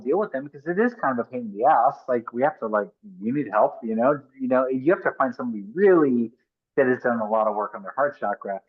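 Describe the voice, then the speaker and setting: A man's voice: mid-range voice, narrow, tinny audio. A middle-aged man speaking as a podcast guest, earnest and emphatic, often restarting and adding asides as he talks. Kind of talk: conversational interview storytelling.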